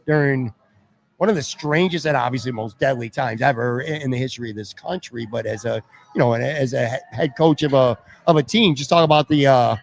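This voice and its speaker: A man's voice: mid-range voice, fairly quick, gravelly, slight background noise. A man hosting a live podcast interview at a pizza restaurant, asking long, rambling questions. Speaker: podcast host.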